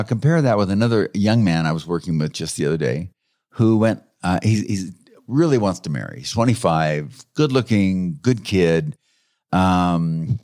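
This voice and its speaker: A man with a deep, low voice works as a counselor and recounts client stories in a relaxed, conversational style. He talks with animation and chuckles between points. The sound is dry and close, with no room echo. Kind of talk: conversational interview storytelling.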